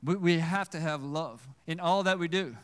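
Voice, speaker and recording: A man's voice: fairly high pitch, normal speed, clear, resonant tone. A man preaching a sermon as a pastor, earnest, often repeating words and asking the congregation questions. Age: adult with children.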